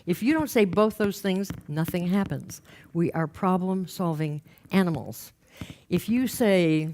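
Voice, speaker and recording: A woman giving a talk on stage, telling humorous anecdotes with quick asides. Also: on the low side, expressive, darkish tone. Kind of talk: storytelling motivational talk. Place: lecture stage with slides.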